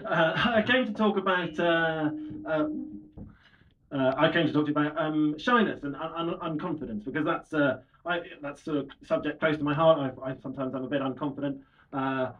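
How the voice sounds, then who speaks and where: Performing stand-up at a small comedy bar, a man with a slightly high voice is hesitant and self-deprecating, often restarting mid-line. The lo-fi recording captures audience laughter plus a little hiss or hum.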